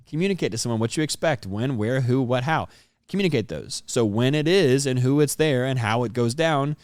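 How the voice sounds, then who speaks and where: A man with a mid-range voice gives earnest relationship advice. He hammers his points home, says them twice, and swears now and then. The sound is dry and close, with no room echo. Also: medium pitch. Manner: emphatic, repeats key points, swears casually. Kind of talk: casual advice monologue.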